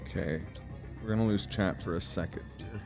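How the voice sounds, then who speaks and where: A man's voice: low voice, creaky, music in the background. A man co-hosting a live gameplay stream, chatting casually in a playful, joking way. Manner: playful, joking, quick to laugh.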